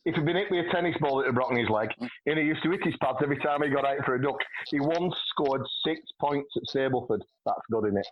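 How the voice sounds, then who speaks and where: A middle-aged man spins a rambling, sweary yarn, breaking into laughter between lines. His voice sits a little high for a man, with a lively, chatty delivery. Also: fast, few pauses, muffled recording, a little hiss or hum. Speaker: podcast guest. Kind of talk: casual chat, anecdote telling.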